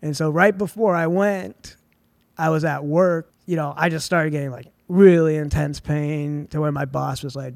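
A young man in his twenties, a film writer and director, telling a personal story in a relaxed, chatty way on a podcast. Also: fairly high pitch, normal speed, gravelly, no echo. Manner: relaxed and chatty, full of "like" and "dude". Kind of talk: casual storytelling in a podcast interview.

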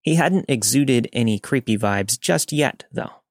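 A man's voice: medium pitch, dry recording. Male narrator reading a horror story, dry close sound. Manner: steady, measured reading. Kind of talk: scripted first-person narration of a listener story.

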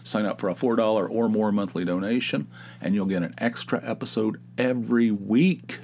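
A man's voice: fairly low pitch, lively intonation, normal speed, darkish tone, a little hiss or hum. A man in his fifties hosting his own podcast, talking alone in a rambling, jokey way and often correcting himself. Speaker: podcast host. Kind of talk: casual solo podcast monologue.

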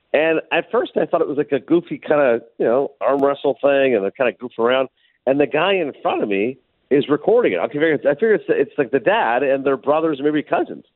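A man co-hosting a radio chat from afar, rattling off his stories quickly with a lively, swooping pitch. His voice comes through a thin, phone-like line with no room sound at all. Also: dry recording. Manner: animated storyteller. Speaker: co-host. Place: remote, away from studio. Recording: tinny phone line, dry.

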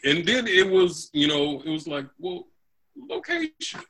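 A man who co-owns a comic shop, explaining things in a halting way with many restarts. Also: high voice, big pitch swings, bright, forceful tone, poor audio. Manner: halting, lots of fillers and restarts. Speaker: comic shop co-owner, guest. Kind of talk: casual chat.

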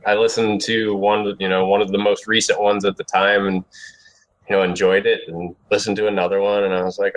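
A man sitting in as a podcast guest, answering in a halting, easygoing way full of ums and pauses. His voice sits somewhat low. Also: level tone. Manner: hesitant, many fillers. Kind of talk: casual interview chat.

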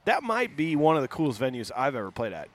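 A man's voice: mid-range voice, big pitch swings, fast. A man hosting a casual band podcast, telling stories and laughing often. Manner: storytelling with laughs. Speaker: podcast host. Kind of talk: casual chat.

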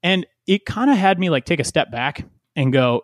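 A man's voice: fairly high pitch, lively intonation, normal speed, no echo, clean studio sound. A man in casual conversation, talking in a loose, rambling way with many fillers and restarts.

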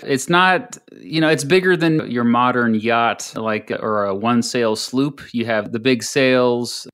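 A man's voice: mid-range voice, fairly bright tone, clean tone. A man co-hosting a podcast, chatting casually, laughing easily and reading out history facts. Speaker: podcast co-host.

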